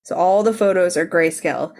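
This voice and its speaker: A woman's voice: lowish voice, fairly quick, gravelly, a little mellow. A woman hosting a podcast, recapping scenes in a bubbly way and laughing often. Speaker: podcast host. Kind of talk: casual chat.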